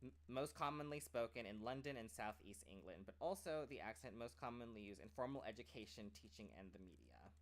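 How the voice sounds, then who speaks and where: A man's voice: mid-range voice, animated, a little fast. Rambling man chatting on stream. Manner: rambling, full of "like" fillers and restarts. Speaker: streamer and aspiring voice actor. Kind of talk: casual chat.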